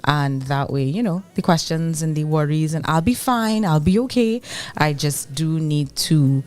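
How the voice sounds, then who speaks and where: A woman's voice: sits low, measured pace, a little mellow. A young Trinidadian woman co-hosting a talk show, chatting casually and reflectively, laughing often. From Trinidad and Tobago. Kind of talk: casual chat.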